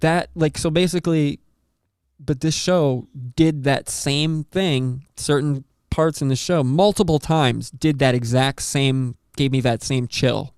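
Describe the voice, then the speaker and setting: A man hosting a podcast, telling a story in a rambling, animated way with lots of swearing and acted-out quotes. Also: on the high side, measured pace, clean tone, no room sound, studio quality. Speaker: podcast host. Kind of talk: casual storytelling chat.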